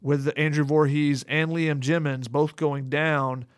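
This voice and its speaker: A man's voice: a little high, flat delivery, a little slow, clean tone, no room sound, clean studio sound. A man with a Southern American accent co-hosting a sports podcast, talking in a casual, analytical way with lots of "you know.". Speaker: podcast co-host. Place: podcast studio.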